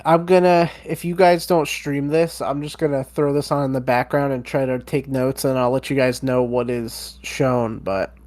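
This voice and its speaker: A man's voice: medium pitch, fairly even intonation, moderate pace, few pauses, a little mellow. A man co-hosting a casual podcast, running through news in an easygoing, informal way. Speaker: podcast co-host.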